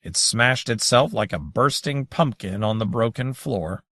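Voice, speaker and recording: A man reading an audiobook aloud in measured, dramatic scripted narration. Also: mid-range voice, animated, sharp tone, slightly rough, dry recording, clean studio sound.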